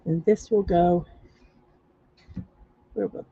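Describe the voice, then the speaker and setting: Slow, husky woman talking through a build. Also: on the low side, steady tone, warm tone, no echo. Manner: halting, with many fillers and self-corrections, talking through each step. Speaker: livestream host building a block set. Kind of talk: casual build-along talk to viewers. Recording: dull lo-fi recording.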